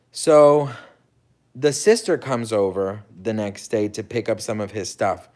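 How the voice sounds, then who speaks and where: Animated man telling a story. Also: medium pitch, measured pace, clear, resonant tone. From United States. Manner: animated, dramatic retelling with quoted dialogue and swearing. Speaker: host. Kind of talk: casual storytelling.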